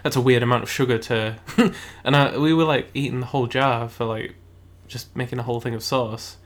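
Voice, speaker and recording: A man's voice: medium pitch, steady tone, a little fast. A man from Cumbria, chatting casually and laughing easily. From Cumbria, England. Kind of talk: casual chat.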